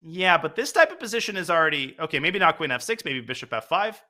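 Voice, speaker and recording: A young man commenting on a chess game, working through lines aloud and yelping when the game turns. His voice sits high and swings widely. It has a bright, forward tone. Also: sing-song. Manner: analytical, quick to call lines, bursts of alarm.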